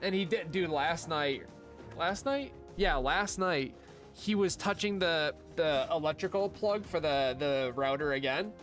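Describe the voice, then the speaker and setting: A young man livestreams a game, chatting casually and rambling with plenty of fillers and asides. His voice sits on the high side with a fairly bright tone, his pace is measured, and faint music plays behind him.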